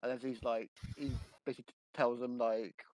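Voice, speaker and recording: A man's voice: mid-range voice, flat delivery, moderate pace, darkish tone, no echo, rough recording. A man co-hosting a podcast, chatting about a film and laughing easily. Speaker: podcast co-host. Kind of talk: casual film discussion.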